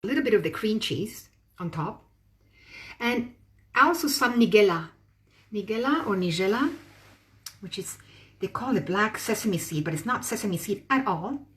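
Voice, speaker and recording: A woman's voice: medium pitch, animated, normal speed, pauses often. A woman hosting a live cooking demonstration. She explains patiently and talks as she works with her hands. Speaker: cooking show host. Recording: roomy, distant mic with faint ambience.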